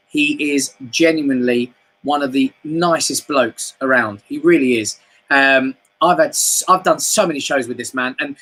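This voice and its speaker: Male host, bright and fairly high, chatty banter, repeats himself when excited. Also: rough recording. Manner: chatty, warm banter with stammered restarts. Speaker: chat show host. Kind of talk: comedy chat show hosting.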